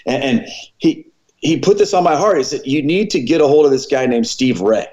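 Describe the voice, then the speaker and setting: Podcast guest, 40s man, earnest and animated, acts out the dialogue, average pitch, muffled audio. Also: normal speed. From American Midwest. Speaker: former pastor, podcast guest. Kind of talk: storytelling in a conversational interview.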